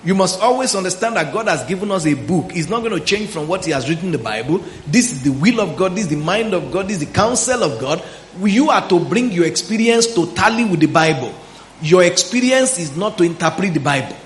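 A man's voice: high voice, lively intonation, brisk, echoey room, slight background noise. A man preaching a Bible teaching sermon, often questioning the congregation and drawing out words for emphasis. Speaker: pastor.

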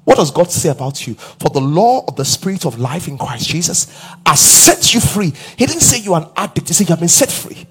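A man preaching a sermon, asking the congregation questions and building to emphatic shouts. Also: a little high, very animated, fairly quick, breathy edge. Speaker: pastor.

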